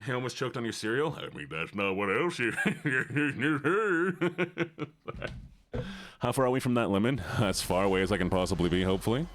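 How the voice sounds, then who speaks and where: A man's voice: lowish voice, animated, rapid-fire, hardly any pauses. A man live streaming a game, talking casually and rambling in a jokey way with his chat.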